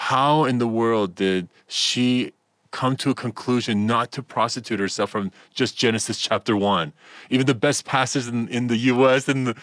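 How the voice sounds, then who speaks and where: A man's voice: mid-range voice, dry recording. A man who ministers in Iran, a radio interview guest, telling stories and acting out dialogue with many fillers. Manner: animated storyteller, acts out quoted dialogue, many fillers.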